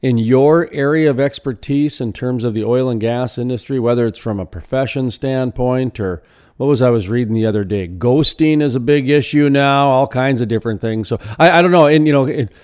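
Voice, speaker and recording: A man's voice: medium pitch, brisk, darkish tone, clean tone. A man hosting an interview, asking long rambling questions with restarts. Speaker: radio show host.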